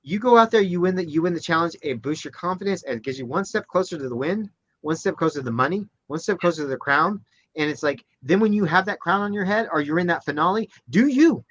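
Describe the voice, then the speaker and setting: A man's voice: fast talker, muffled recording. A man co-hosting a casual chat show, talking animatedly and acting out quotes with frequent restarts. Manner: animated, acts out quotes in high voices, many restarts. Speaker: podcast co-host.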